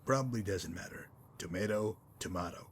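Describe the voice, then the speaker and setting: A man voicing a smug, sardonic male messenger-mercenary in a game, dry and mocking in manner, wordy and unhurried. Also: fairly low pitch, a bit bright, slight background noise, close to an everyday voice. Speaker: game character. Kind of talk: voiced game dialogue.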